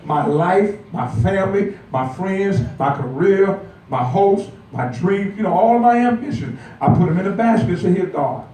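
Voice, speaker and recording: An older man preaches in a folksy, joking way, leaning on call-and-response with his flock. His voice sits high for a man, and it sounds like it was picked up from well back in a very echoey church sanctuary. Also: animated, normal speed, dark tone. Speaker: pastor. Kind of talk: sermon. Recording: echoey church heard from far off.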